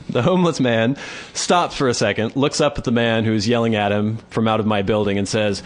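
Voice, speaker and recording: A young adult man co-hosting a podcast, telling a story in a casual, animated way and laughing often. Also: lowish voice, normal speed, a little hiss or hum. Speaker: podcast co-host.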